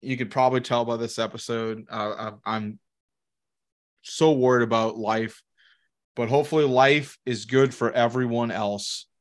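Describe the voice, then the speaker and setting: A man's voice: medium pitch, steady tone, normal speed. A man, co-hosting a podcast in casual, profane chat and telling rambling stories with laughs. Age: 30s. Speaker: podcast co-host.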